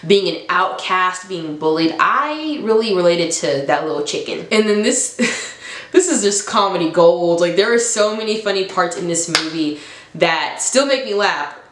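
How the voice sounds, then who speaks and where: A woman's voice: fairly low pitch, animated, unhurried, fairly bright tone, slight background noise. A woman in her twenties chatting enthusiastically in a casual vlog, laughing often. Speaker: vlogger. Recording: roomy echo.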